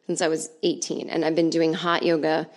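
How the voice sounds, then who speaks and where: A woman's voice: low-pitched, level tone, normal speed. A woman from Los Angeles telling a comedy story at home on her podcast, chatty and sarcastic and swearing freely.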